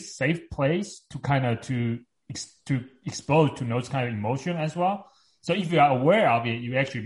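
A man in casual podcast chat who speaks thoughtfully, searching for words with non-native grammar. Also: mid-range voice.

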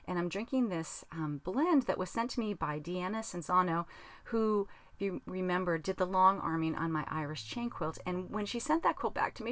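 Podcast host, woman, low-ish bright voice, rambling self-mocking chat, dry closet sound. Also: no room sound. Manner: chatty, rambling, laughs at herself. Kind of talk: casual chat. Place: small closet.

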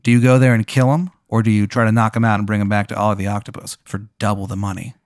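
A man's voice: fairly low pitch, flat delivery, fast, no echo, clean studio sound. A man running a tabletop game as game master, talking casually and swearing. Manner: casual, profane, rambling.

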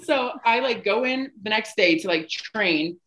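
A woman's voice: mid-range voice, lively intonation, a little slow, a bit bright. A young woman from Colorado telling a profane, laugh-filled story as a podcast guest. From Colorado, United States.

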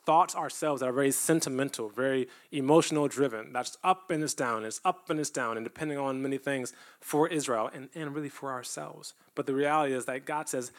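A man in the pulpit tells a personal testimony in an earnest, conversational way. His voice sits at an ordinary middle pitch, and he presses harder into emphatic preaching as he drives his points home. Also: fairly quick, hardly any pauses. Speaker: church speaker. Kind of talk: testimony sermon.

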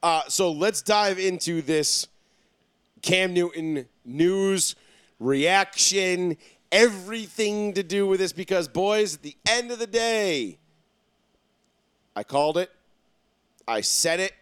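Brash New podcast host, profane and rambling, somewhat high voice, dry sound. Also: male voice, animated, slow, pauses often, a bit bright, clear, resonant tone, dry recording. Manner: rambling, profane, self-assured. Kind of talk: casual sports talk.

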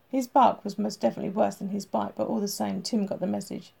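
A woman narrates an audiobook in steady, even storytelling. Her voice is gravelly with a mellow, warm tone. The telling moves along without fuss. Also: mid-range voice, quick pace, few pauses.

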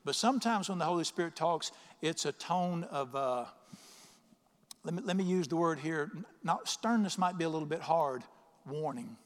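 A middle-aged man delivers an emphatic sermon, reading scripture slowly and firing questions at the congregation. His voice sits a little high for a man, and it rings out through a large church hall with a long reverb. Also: lively intonation. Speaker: pastor.

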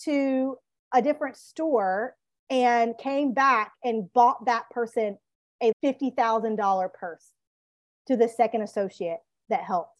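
A woman co-hosting a podcast, giving business coaching in a fired-up, animated rant. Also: a little high, a little slow, dry recording, muffled recording. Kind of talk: casual podcast chat.

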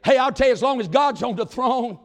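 Guy preaching revival, real high pitch, swings from hollering to low asides, country talk. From southern United States. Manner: fervent preaching cadence that swings between loud exclamations and low, drawn-out asides; folksy, plain-spoken country talk. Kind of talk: revival sermon.

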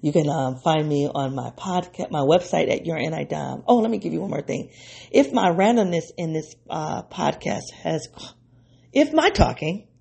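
A woman hosting an unscripted solo podcast, talking in an excitable, rambling way and laughing often. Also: normal speed. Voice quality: low, gravelly and husky. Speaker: podcast host.

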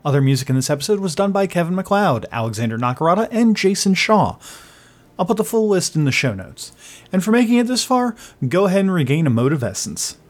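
A married man hosting a tabletop game podcast, reading the outro and then chatting with his players, laughing often and quick to apologize. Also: sits high, very animated. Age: adult, married. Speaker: game master and show host.

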